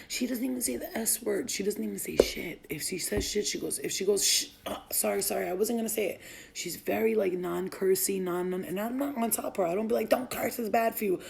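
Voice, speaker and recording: A woman's voice: medium pitch, creaky, noisy background. A woman vlogger and mother telling a story in a casual, profane way, laughing often. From Albanian family.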